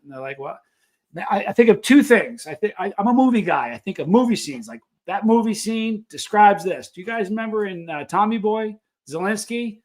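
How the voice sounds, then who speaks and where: A man hosts a casual live stream and rambles from one story to the next. His voice sits a little high for a man. He greets viewers by name as he goes. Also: fairly quick. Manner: rambling, animated, reads out viewer names. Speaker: livestream host.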